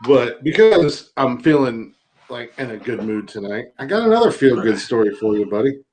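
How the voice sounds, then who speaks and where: A man's voice: medium pitch, big pitch swings, normal speed, a little mellow, low-quality recording. A middle-aged man hosting a podcast in casual chat, wry and laid-back, swearing and reading out news stories. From Johnstown area, Pennsylvania. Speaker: podcast host.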